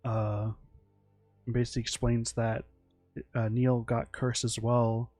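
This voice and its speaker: A man's voice: medium pitch, flat delivery, slow, a little mellow, dry recording, soft background music. A man telling a loose, meandering story about his original characters, full of fillers, restarts and swearing. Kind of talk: casual rambling storytelling.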